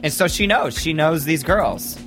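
A man on a casual panel chat who chimes in with quick remarks. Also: a little high, animated, fairly bright tone, faint music behind.

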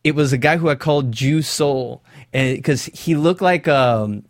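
A man hosting a podcast in casual chat, energetic and rambling, poking fun at himself. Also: mid-range voice, a little slow, no echo, clean studio sound. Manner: energetic, rambling, self-deprecating. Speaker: podcast host.

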